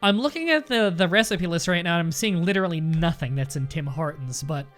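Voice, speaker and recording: A woman's voice: lowish voice, animated, fairly quick, faint music behind. A Canadian woman commenting on a game she plays, ranting in mock outrage and swearing a lot. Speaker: let's play host. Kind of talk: casual gameplay commentary.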